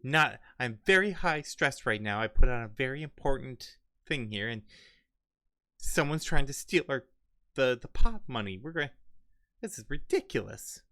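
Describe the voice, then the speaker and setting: A man's voice: medium pitch, lively intonation, normal speed, sharp tone, no echo, voice pushed up. A man voicing a stressed, indignant charity host who stammers out his complaints. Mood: flustered.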